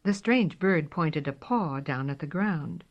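Slow, expressive woman reading a storybook. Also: low voice. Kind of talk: storybook read-aloud. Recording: dull lo-fi recording.

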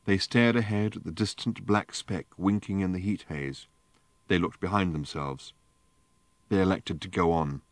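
A man reading an audiobook in measured, deadpan narration. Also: low-pitched, dry recording. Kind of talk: scripted narration.

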